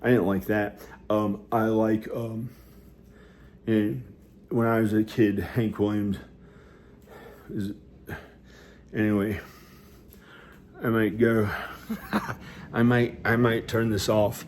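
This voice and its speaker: Man with a lowish voice, rambling home monologue, halting and unsure, with faint noise behind him. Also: flat delivery, a little mellow. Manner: hesitant, halting, restarts often, many fillers. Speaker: vlogger. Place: inside his house.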